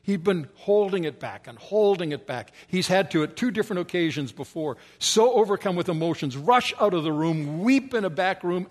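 Male preacher with a slightly high voice, emphatic and repetitive, sometimes sinking to a hush. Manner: emphatic repetition, often dropping to soft, low tones. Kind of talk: sermon.

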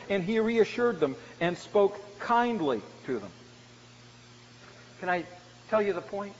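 A man preaching a sermon as a pastor, swinging from loud emphatic lines to hushed, quiet ones. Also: high voice, expressive, a little slow, pauses often. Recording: dull, lo-fi church recording with long reverb and faint noise.

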